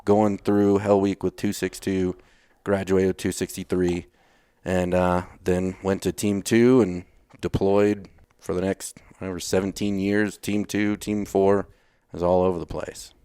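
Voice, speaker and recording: A man's voice: sits low, level tone, measured pace, mellow, clean tone, no echo. A man from Texas, a retired Navy SEAL, telling blunt, casual stories as a podcast guest. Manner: blunt, swears casually, acts out his own past lines. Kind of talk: casual storytelling interview.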